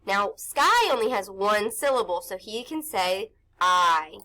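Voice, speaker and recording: A woman's voice: mid-range voice, lively intonation, measured pace, pushed and bright. A woman teaching an early-grade phonics lesson, patiently sounding out letters and syllables for young children.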